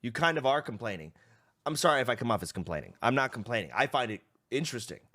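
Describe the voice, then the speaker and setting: A man's voice: mid-range voice, very animated, fast talker, sharp tone. A young man, a streamer, casually telling a story to his stream, swearing and acting out the people he quotes.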